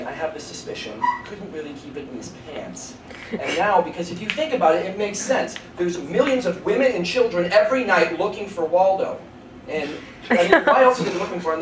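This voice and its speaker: A young man in his early twenties doing a rambling stand-up set at a college show, laughing at his own jokes. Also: high-pitched. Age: early 20s. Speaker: stand-up comedian. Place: college comedy show before a live audience. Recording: echoey room, far from mic, noisy.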